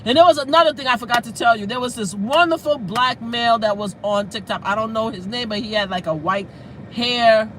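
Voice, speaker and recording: A woman's voice: fairly high pitch, a little fast, slight background noise, poor audio. Outspoken woman on a casual livestream. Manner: outspoken and animated, swears freely; breaks into laughter while storytelling. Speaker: livestream host. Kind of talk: casual live-stream talk.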